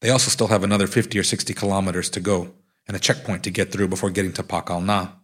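A man's voice: deep voice, flat delivery, quick pace, a bit bright. A man, the author, reading aloud from his own memoir in a wry storytelling manner.

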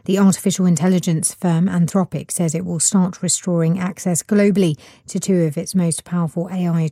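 A woman reads a radio news bulletin in a measured, formal manner. Her voice is low, dark and mellow. The sound is dry and close, with no room echo. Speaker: newsreader.

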